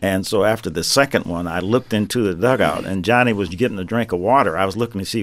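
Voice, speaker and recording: A man in his seventies, a retired pitcher, relaxed and dryly humorous as he tells stories in an interview. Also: fairly quick, hardly any pauses. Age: 70s. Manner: relaxed, dry humor, many fillers and restarts. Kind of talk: interview storytelling.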